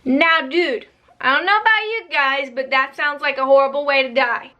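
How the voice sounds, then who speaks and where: A woman narrating a spooky tale in casual storytime style, chatty and animated with slangy asides. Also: high voice, normal speed, highs cut off.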